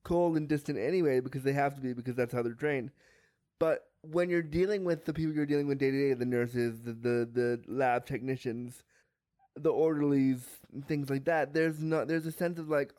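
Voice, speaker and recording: A man from Canada, a guest on a podcast, talking frankly and lively, acting out what other people say with humor. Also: mid-range voice, moderate pace, no room sound. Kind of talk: candid podcast interview.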